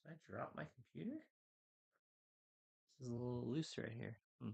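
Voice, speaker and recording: A man's voice: medium pitch, moderate pace, gravelly, long pauses, darkish tone, slightly rough. A man hosting a casual livestream, rambling and unsure as he talks to a few viewers on a headset microphone. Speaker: livestream host.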